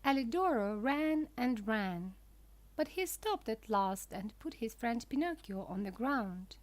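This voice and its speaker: A woman reads a simple children's story aloud for beginner learners, speaking very slowly and deliberately. Her voice sits a little high. The recording is close and completely dry. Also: expressive, no room sound. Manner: careful, clear, deliberate. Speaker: narrator. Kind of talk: slow storybook narration for learners.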